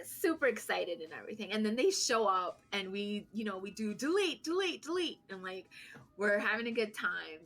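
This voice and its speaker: A woman's voice: medium pitch, a bit bright. A woman in her thirties co-hosting a podcast, telling a story in casual chat, acting out quotes and laughing as she goes. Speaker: podcast co-host.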